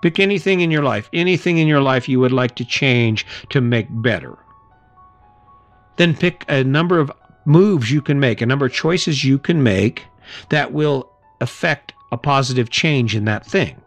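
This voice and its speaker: A man's voice: mid-range voice, animated, normal speed, soft background music. Chatty middle-aged man hosting a podcast. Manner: casual, chatty, laughs and acts out little scenes. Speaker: podcast host. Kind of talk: motivational podcast monologue.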